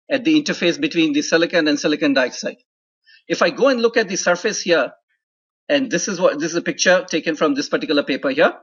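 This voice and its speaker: A man's voice: on the high side, a bit bright, husky, dull audio. A man giving a university lecture, explaining step by step and checking in with frequent "right?" and "okay?". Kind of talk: classroom lecture.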